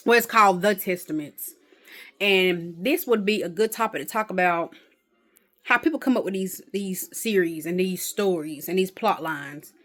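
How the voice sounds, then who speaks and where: A woman's voice: lowish voice, moderate pace, fairly bright tone. Chatty woman vlogging at home. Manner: chatty, rambling, exasperated asides. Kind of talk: casual day-in-the-life vlog.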